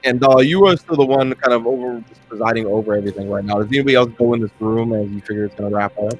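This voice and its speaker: A man's voice: medium pitch, very fast, soft background music. Hesitant man narrating as dungeon master. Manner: rambling, hesitant with many fillers. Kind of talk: narrating a tabletop game.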